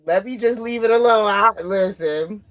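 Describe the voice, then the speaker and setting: A woman with a New Jersey accent chatting casually on a live stream, animated and curious, asking lots of questions. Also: medium pitch, normal speed.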